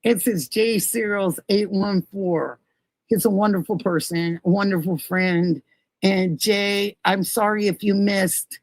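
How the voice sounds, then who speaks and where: A woman's voice: mid-range voice, steady tone, slow pace, dry recording, poor audio. A middle-aged woman hosting a casual livestream, reading viewer comments aloud and gushing thanks to each person by name. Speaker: livestream host.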